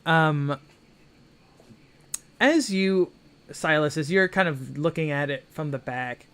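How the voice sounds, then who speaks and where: A man running a tabletop game, speaking slowly with a gravelly edge to a somewhat high voice. He hesitates often, filling gaps as he narrates the scene. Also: lively intonation, a bit bright. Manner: halting, full of fillers. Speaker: game master.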